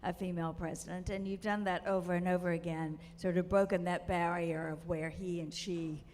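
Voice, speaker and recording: Low-voiced woman moderating a panel. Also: steady tone, darkish tone. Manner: measured, hesitant with fillers. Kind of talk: panel interview questions. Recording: reverberant hall, faint noise.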